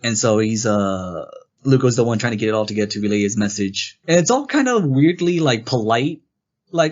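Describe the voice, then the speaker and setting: A man's voice: mid-range voice, fairly quick, highs cut off. A man co-hosting a casual game review podcast, rambling through the story and acting out quoted lines. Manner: rambling, animated retelling with quoted character lines. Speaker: podcast co-host.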